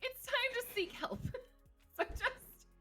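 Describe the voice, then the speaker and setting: A woman's voice: very high-pitched, takes it slowly, pushed and bright, soft background music. A woman therapist, a streaming guest, talking candidly about mental health with frequent laughter and jokes. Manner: candid, joking, laughs often. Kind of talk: livestream conversation.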